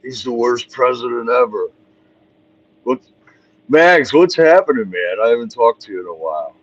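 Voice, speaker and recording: A man's voice: medium pitch, expressive, moderate pace. Man calling in over a dull line. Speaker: call-in guest. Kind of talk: casual livestream chat.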